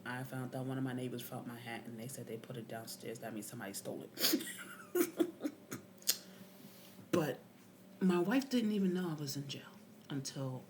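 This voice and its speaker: A woman's voice: rumbling low, background noise. A woman vlogger casually recounting a story, indignant and swearing, her voice often rising sharply. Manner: indignant, swearing, rising to near-yelling at times.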